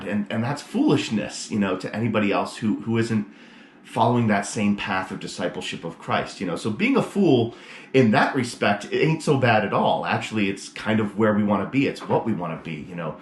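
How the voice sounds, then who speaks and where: A man, a priest, giving a short casual sermon and telling a joke in an animated way, with a camera propped on a mug. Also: on the low side, a little hiss or hum. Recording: roomy echo with faint ambience.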